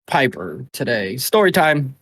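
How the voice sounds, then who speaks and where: Man co-host, mid-pitched, loose profane storyteller, dry close mic. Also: big pitch swings, measured pace, fairly bright tone, husky, no echo. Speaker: podcast co-host. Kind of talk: casual chat.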